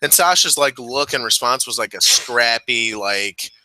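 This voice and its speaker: A man co-hosting a wrestling podcast, chatting casually, swearing freely and laughing loudly at his own jokes. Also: medium pitch, unhurried, dry recording, poor audio. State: giddy from cold medicine. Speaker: podcast co-host.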